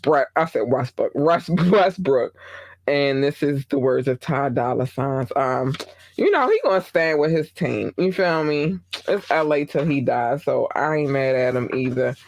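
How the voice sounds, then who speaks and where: A woman's voice: rumbling low, lively intonation, normal speed, dry recording. A woman hosting a casual gossip podcast, chatty with many fillers and asides. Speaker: podcast host.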